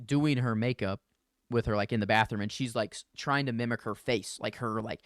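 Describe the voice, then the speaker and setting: Man, podcast co-host, rambling and thoughtful, mid-pitched, dry close recording. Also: brisk, smooth, no room sound. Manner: musing, rambling with many fillers. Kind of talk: casual film chat.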